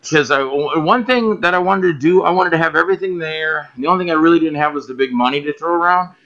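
A man guest on a podcast telling stories about his filmmaking, animated and acting out other people's voices. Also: a little high, fast, lo-fi sound. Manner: animated, acts out quoted voices, laughs often. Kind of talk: casual storytelling interview.

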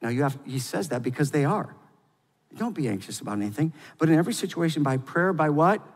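A man preaching a sermon as pastor, swinging between loud, fervent exhortation and quiet, intimate confession. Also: on the high side, very animated, fast talker, breathy edge, long reverb tail.

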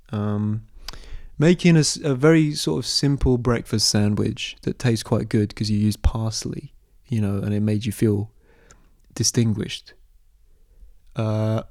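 Mellow-voiced young man, rambling. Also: medium pitch, no room sound, clean studio sound. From London, England. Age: 20s. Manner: rambling, hesitant, deadpan absurd humor. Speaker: podcast host. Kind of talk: casual solo podcast answering listener questions.

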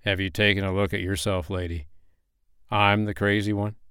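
Laconic giant of a desert drifter in a spoken story, played by a man, low and deadpan. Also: moderate pace, smooth, dry recording, clean studio sound, natural voice. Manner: terse and unbothered. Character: huge, calm, laconic male desert drifter.

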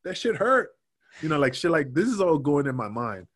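A man's voice: fairly high pitch, a little fast. A man, a former wrestler, telling stories in a casual interview, swearing freely and acting out what people said. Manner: swears a lot, animated, acts out quotes.

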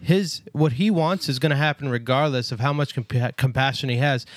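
A man's voice: medium pitch, a little fast, no echo. A man co-hosting a casual Bible discussion podcast, talking earnestly and emphatically, often checking in with "right?". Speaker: podcast co-host.

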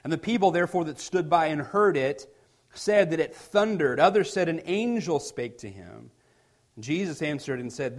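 A man's voice: a little high, lively intonation, moderate pace. Conversational man preaching a sermon. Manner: reads scripture with rising emphasis, explains in a conversational tone. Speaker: pastor.

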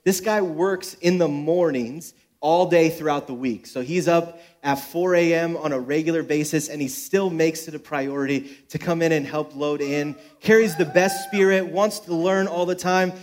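A man's voice: a little high, fairly even intonation, normal speed, hardly any pauses. A young adult man, a pastor, giving a sermon at a church service with joking, self-deprecating personal stories.

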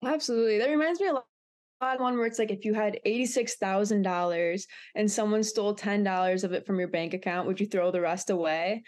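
A woman's voice: mid-range voice, fairly quick. Earnest young woman podcast co-host. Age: young adult. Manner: earnest, reflective, animated when recounting. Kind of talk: casual podcast chat.

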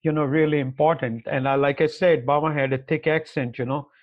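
A man's voice: a little high, fairly even intonation, a little fast, muffled recording. A man appearing as a podcast guest, telling stories in an earnest, rambling way. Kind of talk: casual interview chat.

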